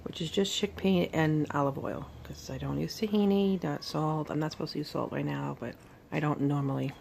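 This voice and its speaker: A woman vlogging at home while recovering from surgery, tired and in pain, talking in a halting, rambling way full of fillers and restarts. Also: low-pitched, steady tone, creaky, background noise. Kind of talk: casual recovery vlog. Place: at home, sitting in bed.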